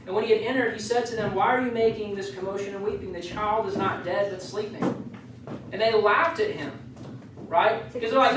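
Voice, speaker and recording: A youth leader's loose, jokey sermon keeps wandering off into chatty asides, delivered at a brisk pace in a middling pitch. Recorded from a distance in the youth group meeting room, the voice rings in heavy echo above a faint background hiss.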